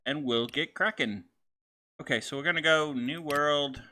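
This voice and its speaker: Chatty, bright-voiced man gaming host. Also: a little high, moderate pace. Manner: rambling, chatty, with many fillers and restarts. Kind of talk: casual let's-play narration.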